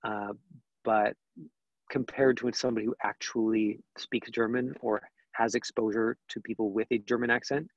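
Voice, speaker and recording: A man's voice: mid-range voice, fairly even intonation, normal speed, dry recording, muffled recording. A man teaching acting in an online question-and-answer session, talking conversationally with many fillers and restarts. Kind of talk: online Q&A lesson.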